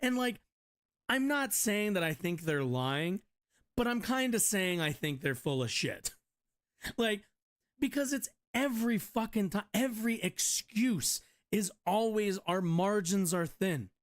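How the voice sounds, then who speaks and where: A man's voice: high voice, lively intonation, a little slow. A man streaming casual commentary, rambling and profane, often restarting his sentences. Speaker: streamer reading and reacting to news.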